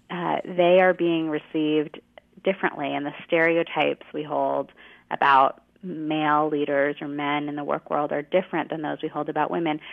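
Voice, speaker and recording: A woman guest expert explaining clearly in a teacherly way and giving examples, heard over a phone line. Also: low-pitched. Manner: articulate, teacherly, gives examples. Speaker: guest expert on women's communication. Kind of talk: explanatory interview answers.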